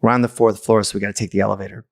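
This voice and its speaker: A man's voice: lowish voice, flat delivery, racing, creaky, no room sound, studio quality. A man from the United States, a podcast host, telling a personal story in a candid, blunt way with casual swearing.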